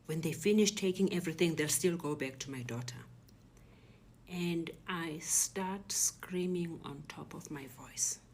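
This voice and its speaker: Hushed South African woman, low voice. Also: unhurried, a little hiss or hum. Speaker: guest telling her story. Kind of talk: emotional personal testimony.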